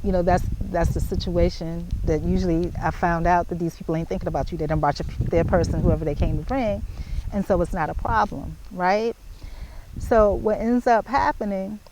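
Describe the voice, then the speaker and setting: A woman, telling a story to the camera in casual chat, animated and repeating herself as she spells out details. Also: on the low side, normal speed, background noise. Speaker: vlogger.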